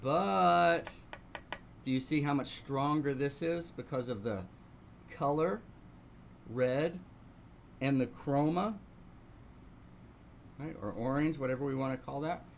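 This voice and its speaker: A man's voice: medium pitch, slow, gravelly, long pauses, a little hiss or hum. A man teaching a live online painting lesson, talking through each step and asking rhetorical questions. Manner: talks through steps, asks rhetorical questions. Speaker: painting instructor.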